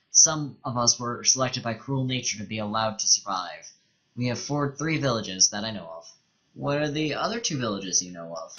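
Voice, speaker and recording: A man's voice: mid-range voice, bright, forceful tone, dull audio, lightly acted. A man reading the game lines of a proud, watchful male tribal leader in his own plain voice.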